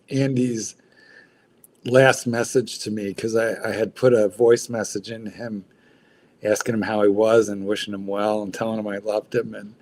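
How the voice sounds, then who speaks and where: A man hosts a casual livestream in a fairly low voice. He talks in a halting, heartfelt way, often stopping and restarting his sentences. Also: darkish tone. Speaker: livestream host.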